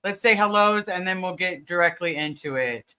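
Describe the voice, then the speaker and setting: A woman's voice: fairly low pitch, normal speed, bright, forceful tone, clear, resonant tone. A woman hosting a casual livestream, greeting viewers by name and talking with many fillers. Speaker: livestream host.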